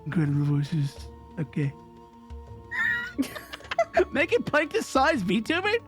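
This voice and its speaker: A guest streamer with a raspy voice, joking and excitable in a casual live-stream chat. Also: mid-range voice, slow pace, soft background music.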